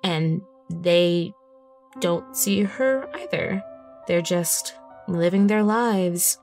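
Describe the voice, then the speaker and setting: A woman's voice: lowish voice, drawn-out words, darkish tone, faint music behind. A woman playing a tabletop game, describing her character's scene vividly with many casual fillers. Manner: vivid storyteller, lots of fillers. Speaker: player.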